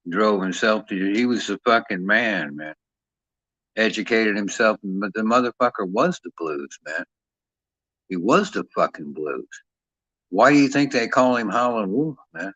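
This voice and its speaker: A man's voice: on the low side, lively intonation, unhurried, bright, forceful tone, no echo. A man talking casually and profanely at length, rambling and ending his sentences with "man". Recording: dull lo-fi dry sound.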